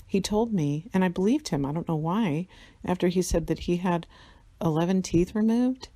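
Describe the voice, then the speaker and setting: A woman's voice: lowish voice, normal speed, mellow, dry recording. A tired woman in a casual vlog monologue, rambling, swearing a lot and laughing often. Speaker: vlogger.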